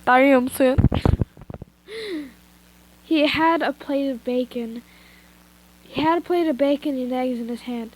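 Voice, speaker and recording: A young woman with a stuffy nose reads fan fiction aloud in a casual, giggly way, often stopping for chatty asides. Her voice is high and her pace unhurried. A faint hiss sits under the headset recording. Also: low-quality recording. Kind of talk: casual story reading. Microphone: headphones with mic.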